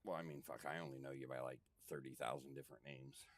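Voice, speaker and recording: Man, very deep voice, laid-back, short casual replies. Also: fairly even intonation, fast talker. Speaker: gaming friend. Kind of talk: casual chat.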